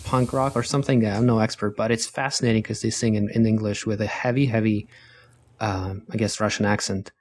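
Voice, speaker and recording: A man's voice: a little fast, a little hiss or hum. A man co-hosting a podcast, talking earnestly in a casual conversation and lifting his voice as he acts out remembered reactions. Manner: earnest and expressive, jumps higher acting out quoted reactions. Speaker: podcast co-host.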